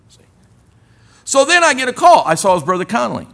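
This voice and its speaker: A man's voice: extremely high pitch, brisk, gravelly. A man preaching a sermon as a storyteller, acting out the dialogue as he tells his story. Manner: animated storyteller who acts out dialogue.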